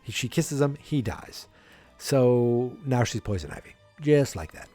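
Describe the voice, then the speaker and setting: A man's voice: medium pitch, animated, a little slow, mellow, soft background music. A man hosting a podcast, casually recapping a movie in a rambling way and acting out lines in silly voices. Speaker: podcast host. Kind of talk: casual movie review chat.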